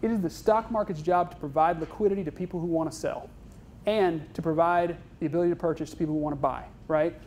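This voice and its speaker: A man's voice: a little high, fairly even intonation, fast, darkish tone, a little hiss or hum. A man giving an informal university lecture on investing, chatty and self-deprecating, tagging his points with "right?" and "okay?". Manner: self-deprecating, joking asides. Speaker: guest speaker on investing.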